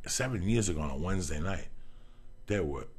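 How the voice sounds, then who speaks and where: A man telling personal stories in a casual talk, animated and profane, acting out what people said. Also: sits low, brisk, slightly rough. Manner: profane, animated storytelling, acts out quotes. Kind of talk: casual storytelling chat.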